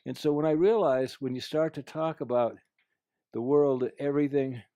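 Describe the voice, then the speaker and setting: A man's voice: mid-range voice, normal speed, no room sound, studio quality. A man giving an earnest, anecdotal talk about negotiation, telling a personal story to make his point. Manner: earnest storyteller, drops to a quiet voice for quotes. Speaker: speaker sharing life lessons.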